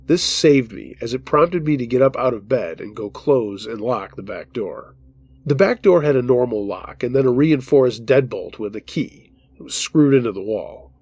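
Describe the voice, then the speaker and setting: A man hosting a horror podcast, reading a listener's true scary story aloud in the first person with steady, measured narration. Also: mid-range voice, no echo. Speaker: storytelling host.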